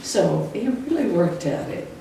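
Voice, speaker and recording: Very animated and a little slow, her gravelly, warm voice sits on the low side as she fondly recalls her classroom. She's an older retired teacher who chuckles often while reminiscing. The room is echoey, the mic distant, and faint noise is audible.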